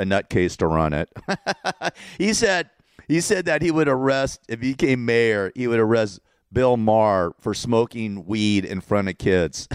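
A Californian man with a lowish, smooth voice rambles through a casual rant. He is sarcastic, circles back to repeat himself, and chuckles at his own jokes. The sound is dry and close. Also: no room sound. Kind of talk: casual political rant to camera.

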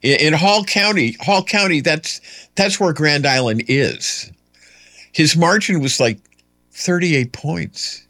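A man's voice: on the high side, expressive, slow pace, bright, forceful tone, no echo. Male political commentary host, unscripted solo monologue, dry close sound, lots of "uh" and restarts, wry asides.

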